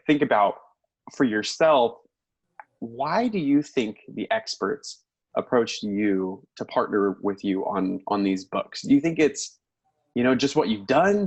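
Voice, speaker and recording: A man's voice: mid-range voice, breathy edge, lo-fi sound. A male podcast host asking his guest several questions in a row, curious and casual.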